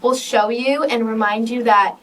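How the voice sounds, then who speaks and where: Heard from a distance with some hiss or hum and poor audio, a teenage podcast co-host speaks a little high, a little slow, and a bit bright, with fairly even intonation. Her personal stories come out emotional and rambling, loaded with "like."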